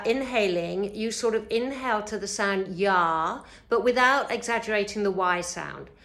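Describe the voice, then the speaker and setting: A woman teaching a yoga breathing lesson, speaking gently and unhurriedly, with frequent fillers and a slightly sore throat. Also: medium pitch.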